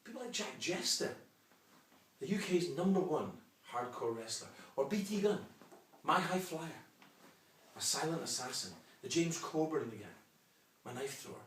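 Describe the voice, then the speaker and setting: A man's voice: a little high, distant mic. A Scottish man in his forties, a wrestling promoter delivering a combative, mocking, boastful promo rant. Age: 40s. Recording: echoey room, off-mic.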